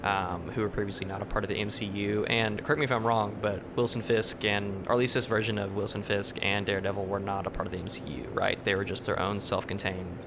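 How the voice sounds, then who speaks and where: A man's voice: fast, few pauses. A man hosting a casual podcast chat, easygoing and steering the conversation. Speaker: podcast host. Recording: steady rumble in the background.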